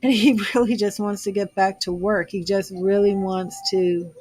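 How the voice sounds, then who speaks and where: A woman's voice: medium pitch, fairly even intonation, moderate pace, a little mellow, breathy edge, dry recording. A woman giving a live tarot reading, talking earnestly and gushing with emotion, a little teary-eyed. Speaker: tarot reader.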